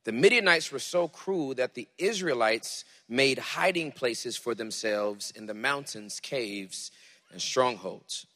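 A man preaching a sermon, reading scripture dramatically and then teaching in a relaxed way. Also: mid-range voice, takes it slowly, big-room sound. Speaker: pastor.

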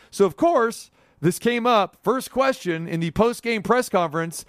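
A man's voice: sits high, moderate pace, clean tone, no echo, clean studio sound. A man hosting sports talk, arguing his point in an insistent, emphatic way. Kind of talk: sports radio commentary and debate.

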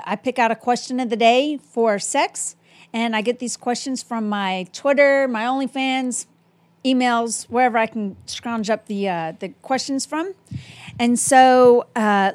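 A woman hosts a casual podcast, speaking bluntly and openly. Her voice sits a bit high, and her talk is loose, with ums and restarts. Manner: frank, plain-spoken, with filler pauses. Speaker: podcast host.

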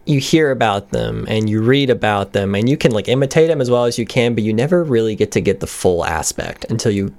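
A man's voice: on the low side, animated, fairly quick, few pauses, darkish tone. Young man chatting about accents. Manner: chatty, tries out accents mid-sentence. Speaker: actor guest on radio show. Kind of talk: casual radio interview chat.

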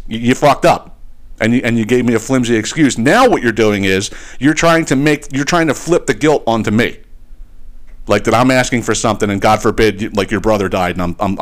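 A man hosting a podcast, telling a long casual rant about a business letting him down, animated and profane, restarting phrases often. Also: mid-range voice. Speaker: podcast host.

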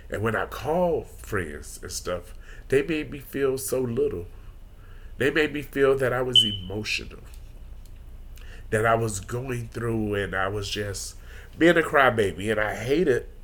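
A man's voice: medium pitch, lively intonation, measured pace, pauses often, a bit bright. A man hosting a podcast, talking earnestly and openly about his feelings in a preacher-like personal monologue. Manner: earnest, preacher-like, emotionally open. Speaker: podcast host.

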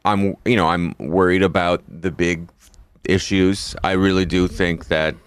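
A man's voice: sits low, steady tone, a little slow, smooth, dry recording. A man guesting on a podcast, chatting in a chipper, upbeat way and laughing easily. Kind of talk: casual comedic chat.

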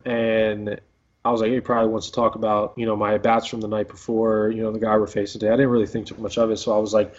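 Young male ballplayer guest, easygoing storyteller, even low delivery, muffled recording. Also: quick pace. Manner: rambling, filler-heavy, laid-back. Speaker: professional baseball player guest. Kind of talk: casual storytelling interview. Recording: dull lo-fi audio.

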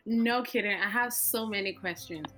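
A woman appearing as a guest on a podcast over a call, talking casually in an animated, incredulous way with many laughing questions. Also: mid-range voice, normal speed, very noisy. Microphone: remote call.

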